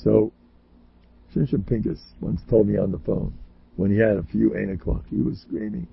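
Older man, joking storyteller rabbi, husky gravel in the voice, dry close sound. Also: lowish voice, steady tone, normal speed, no echo, highs cut off. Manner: chatty and joking, jumps to loud exclamations. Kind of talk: rambling storytelling sermon.

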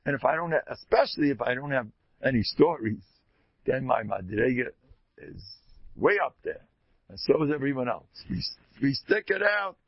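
A man's voice: medium pitch, sing-song, moderate pace, husky, no echo. A man giving an emphatic Torah sermon as a rabbi, retelling stories and repeating key lines for weight. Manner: emphatic, repetitive storytelling. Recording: dull lo-fi recording.

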